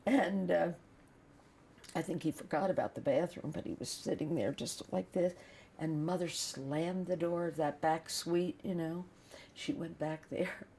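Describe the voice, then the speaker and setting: Slow, gravelly older woman telling a story. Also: on the low side, a little mellow. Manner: emotional, halting, acts out voices. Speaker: storyteller being interviewed. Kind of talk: personal family story.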